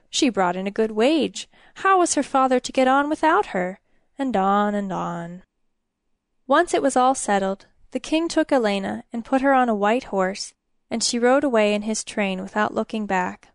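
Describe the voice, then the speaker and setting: A woman narrating a fairy tale from a storybook in a steady, measured reading. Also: a little high, gravelly, no echo, studio quality.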